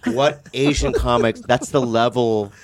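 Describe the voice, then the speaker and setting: A man, a stand-up comedian, chatting excitably and profanely on a podcast. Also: a little slow, a crowd in the background. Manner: excitable, swinging pitch, profane. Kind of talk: casual podcast chat.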